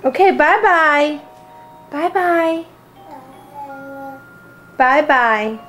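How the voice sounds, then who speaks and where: A woman's voice: high-pitched, expressive, drawn-out words, fairly bright tone, soft background music, poor audio. A woman filming her babies at home on a handheld camcorder, playful and cooing, laughing often as she talks to them. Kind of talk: home video chat. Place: at home indoors.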